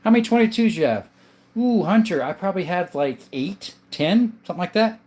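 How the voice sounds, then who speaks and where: Male livestream host, slightly higher voice, relaxed chat-reading delivery. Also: brisk. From southern Arizona. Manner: relaxed, answers viewer questions one by one. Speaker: gun channel host reading live chat. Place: indoor room full of guns.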